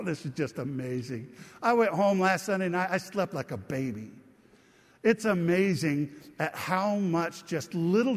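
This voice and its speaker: A man preaching a sermon as a pastor, chatty and joking with his congregation. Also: high-pitched. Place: church hall. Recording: long reverb of a church hall.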